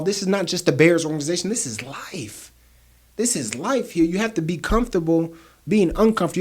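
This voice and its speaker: A man hosts his podcast alone, giving a motivational talk to his viewers. His voice sits a little high for a man. He loops back on key phrases again and again to drive them home. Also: husky. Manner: motivational, repeats phrases for emphasis. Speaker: podcast host. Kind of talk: solo podcast monologue.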